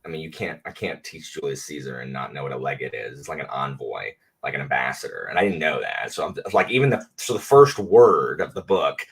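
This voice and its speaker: A man who works as a teacher, a guest on a casual podcast chat, who gets emphatic and animated when he argues a point. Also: a bass voice, a little fast, gravelly, few pauses, slightly rough.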